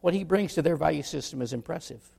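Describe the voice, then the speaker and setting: A pastor preaching a sermon to his congregation, his voice a little higher than most men's and noticeably gravelly. He moves between earnest teaching and playful, humorous asides. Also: fast talker, darkish tone.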